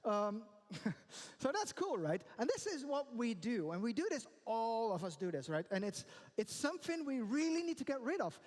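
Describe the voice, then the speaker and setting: A man's voice: very high voice, moderate pace. A middle-aged man giving a conference talk, emphatic, often checking in with "right?". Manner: tags sentences with "right?", animated and emphatic. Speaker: conference speaker. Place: large conference hall. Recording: long hall reverb.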